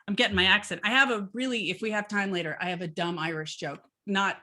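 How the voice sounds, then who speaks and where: A woman's voice: mid-range voice, quick pace, hardly any pauses, pushed and bright. A woman teaching a violin lesson in a chatty, upbeat way, with fillers and asides between demonstrations. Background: violin playing between phrases.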